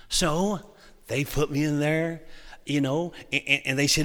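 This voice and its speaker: A man's voice: fairly high pitch, fairly even intonation, measured pace, bright, forceful tone, in a large hall. A man from Oklahoma, preaching and telling a testimony in a folksy, humorous, dramatic way. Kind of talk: sermon testimony storytelling.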